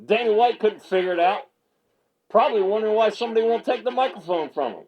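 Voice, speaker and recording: A man's voice: high-pitched, expressive, fast, breathy edge, muffled recording. A male MMA media host in a fired-up reaction rant, stammering and repeating himself as he gets worked up on his small video set.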